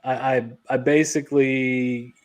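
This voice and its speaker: A man's voice: mid-range voice, flat delivery, unhurried. A man who owns a beard care company, talking casually as a podcast guest and laughing between his thoughts.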